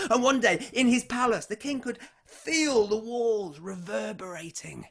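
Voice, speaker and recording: A man telling a folk tale aloud, animated and swinging between loud and hushed delivery. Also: high voice, moderate pace, few pauses. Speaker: storyteller. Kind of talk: oral folk storytelling.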